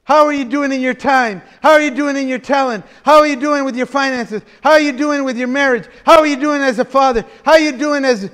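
A man's voice: very high voice, brisk, few pauses, fairly bright tone. A man preaching a conversational sermon as pastor, chatty and folksy, with frequent laughter and restarts. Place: church sanctuary. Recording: reverberant church hall.

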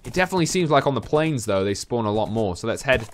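A young man chatting through his own gameplay as the channel host, rambling calmly between sudden high-pitched yelps when startled. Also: fast. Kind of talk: let's-play gameplay commentary.

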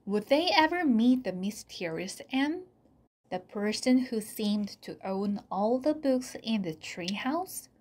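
Slow, soft storybook reader. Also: female voice, a little high, animated. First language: Korean. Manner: soft, often dropping to a whisper. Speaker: channel host reading aloud. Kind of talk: slow read-aloud storybook narration.

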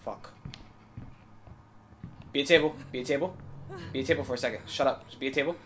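Excitable young man narrating gameplay. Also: fast. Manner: excitable, talks to viewers, bursts into high yelling. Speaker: gaming channel host. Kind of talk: live game commentary.

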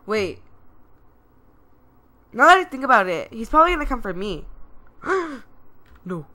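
Excitable woman narrating gameplay. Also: fairly high pitch, normal speed. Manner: excitable, dramatic, self-deprecating. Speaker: gameplay commentator. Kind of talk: casual game commentary.

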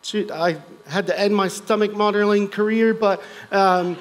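A middle-aged man with an American accent and a notably high-pitched voice shares a personal testimony before a congregation. His storytelling is earnest and unhurried, broken up now and then by dry jokes at his own expense. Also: fairly even intonation, low-quality recording. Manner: earnest storytelling with light self-deprecating humor. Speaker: guest speaker.

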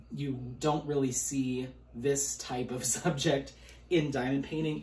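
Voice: medium pitch, mellow, rough recording. Chatty, gushing hobby vlogger. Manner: chatty and gushing, with frequent fillers and laughs; reads out long lists of color numbers. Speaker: diamond painting hobby vlogger. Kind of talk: casual unboxing chat.

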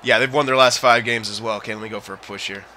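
A young man giving excited commentary over his own gameplay, shouting at plays and muttering between them. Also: on the low side, fast talker. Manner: yells and groans at the game, then mutters to himself. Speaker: gaming commentator.

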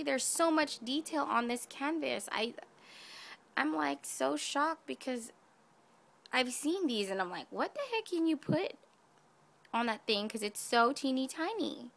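Effusive woman with a gravelly edge. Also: high voice, expressive, measured pace. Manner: gushing, effusive, talks to viewers. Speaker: craft vlogger. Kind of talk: casual unboxing vlog.

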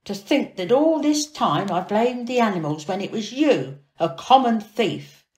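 A woman's voice: on the high side, expressive, measured pace, a little mellow. A woman doing a blustering, grumpy steward. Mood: indignant. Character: grumpy, suspicious male steward. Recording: echoey room.

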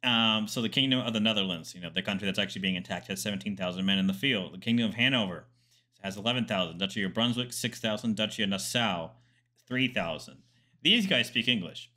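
A man's voice: lowish voice, fast talker, sharp tone. A man, a military historian, commenting casually on a documentary, chatty and digressive with asides and fillers.

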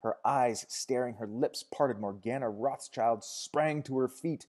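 A man narrating a novel as an audiobook, expressive, dropping to hushed tones and rising to loud cries. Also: mid-range voice, measured pace. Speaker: audiobook reader.

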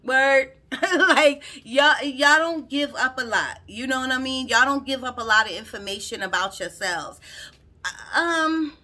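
Bright-voiced woman giving a chatty tarot reading. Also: high-pitched, animated, moderate pace. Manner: chatty, rambling, repeats herself, addresses viewers directly. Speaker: tarot reader. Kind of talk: casual spoken tarot reading to camera. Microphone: phone.

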